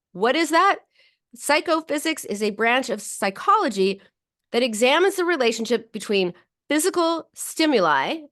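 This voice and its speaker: Animated and loose, this woman psychologist runs a radio talk show while chatting with viewers on a livestream, restarting sentences and using fillers. When she voices what people are thinking inside, her pitch jumps noticeably higher.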